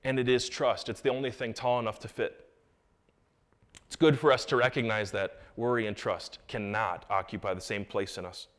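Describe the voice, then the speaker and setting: A pastor delivers an animated sermon in a fairly low voice at a moderate pace. He drops into quiet asides, rises into loud raised lines, and makes jokey remarks to the congregation.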